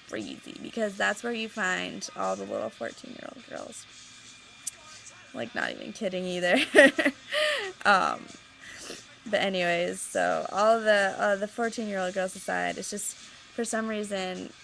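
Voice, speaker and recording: A woman's voice: medium pitch, vocal fry, a bit bright, a little hiss or hum, rough recording. A young woman ranting casually to her webcam at home, rambling and sarcastic with lots of filler words. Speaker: vlogger.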